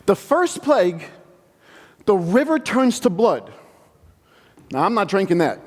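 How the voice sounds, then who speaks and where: A man preaching a sermon, telling the story in an animated, conversational way. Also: high-pitched, a little slow, long reverb tail. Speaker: pastor. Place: church sanctuary.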